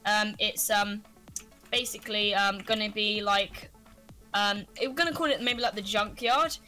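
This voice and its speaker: A woman's voice: medium pitch, fairly even intonation, a little slow, sharp tone, soft background music. A woman with an Irish accent, hosting a casual gameplay chat and rambling along with lots of fillers and restarts. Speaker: gaming channel host.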